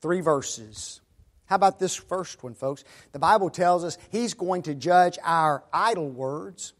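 A man with a notably high-pitched voice preaches a sermon to his congregation. He keeps turning to his listeners as folks and caps his points with rhetorical questions. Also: measured pace.

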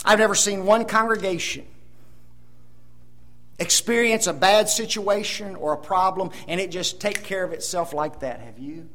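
A male preacher delivering a sermon, emphatic, firing rhetorical questions at the congregation and swinging between loud emphasis and hushed asides. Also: sits high, moderate pace.

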